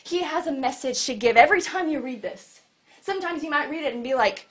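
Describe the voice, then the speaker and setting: A woman delivers a sermon in a conversational style, slipping into quoted voices as she goes. Her voice sits slightly high for a woman, and she talks as if to a friend. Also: animated, fairly quick. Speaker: preacher.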